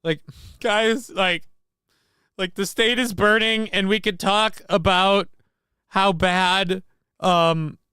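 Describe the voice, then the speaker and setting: Male podcast host, high-pitched, dry close sound, furious sarcastic political rant. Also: fairly even intonation, slow, pauses often, pushed and bright, clear, resonant tone, no room sound. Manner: angry, profane, sarcastic ranting.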